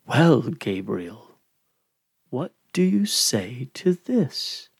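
Storybook goblin, stern and leering, drawn-out questions, lively swings in pitch; a man puts him on. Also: husky, dry recording, clean studio sound, heavily acted.

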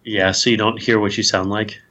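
A man's voice: on the low side, flat delivery, brisk, pushed and bright. A man chatting casually, responding in an easygoing way and laughing often. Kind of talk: casual chat.

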